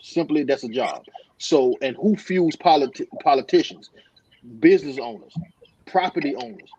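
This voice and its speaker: A man on a podcast panel, talking in a halting, earnest way with many restarts. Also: fairly high pitch, animated, a little mellow, muffled recording, a little hiss or hum. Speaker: podcast co-host. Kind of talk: casual discussion.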